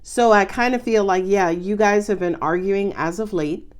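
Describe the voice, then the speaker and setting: A woman giving a casual, expressive tarot reading, chatting freely and exclaiming often. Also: mid-range voice, normal speed. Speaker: tarot reader.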